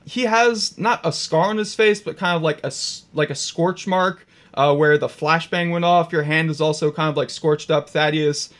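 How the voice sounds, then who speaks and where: A man's voice: on the high side, normal speed, few pauses, fairly bright tone. A man narrating a tabletop game as game master in a casual, profane style full of fillers.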